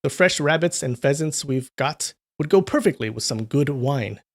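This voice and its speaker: A man's voice: medium pitch, animated, moderate pace. A man voicing a jovial male escort coaxing his master toward a drink, in a storybook reading.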